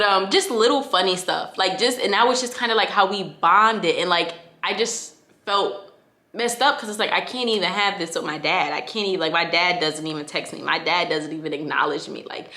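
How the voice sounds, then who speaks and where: Young woman vlogger, lowish bright voice, heartfelt and chatty, echoey room. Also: normal speed. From Connecticut, USA. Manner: casual, heartfelt, filler-heavy, addresses listeners as y'all. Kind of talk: candid personal storytelling.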